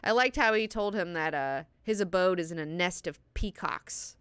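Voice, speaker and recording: A woman's voice: fairly low pitch, normal speed, fairly bright tone, clear, resonant tone, no echo. A woman hosting a book class, talking casually with heavy swearing and lots of "like" and "you know".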